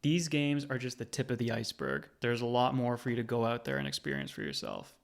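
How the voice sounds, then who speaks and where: Man in his thirties, mid-pitched, hosting a gaming video essay with easy, wry narration. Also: sing-song, a little fast, vocal fry.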